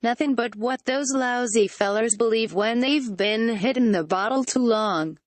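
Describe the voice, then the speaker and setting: A text-to-speech female voice reading the lines of an uneasy, superstitious male backwoods guide in rural dialect, with a flat synthetic delivery. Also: a little high, measured pace, dry recording, lightly acted.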